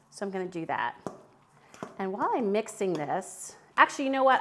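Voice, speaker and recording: Woman, mid-pitch, chatty live cooking host in her kitchen, talks to chat while she works. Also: a little hiss or hum. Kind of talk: casual live cooking demo. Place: home kitchen.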